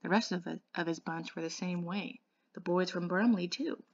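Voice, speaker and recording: A woman reads a novel aloud at a steady pace in a fairly low voice, with small slips and restarts. The recording is dry and slightly dull, like a modest home setup. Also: normal speed, husky, no echo. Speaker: English tutor.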